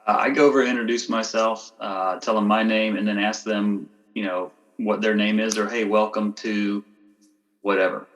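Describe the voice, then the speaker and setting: Hesitant low-voiced male podcast host. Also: fairly even intonation, moderate pace, fairly bright tone, poor audio. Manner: hesitant, many fillers and restarts. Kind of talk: podcast interview.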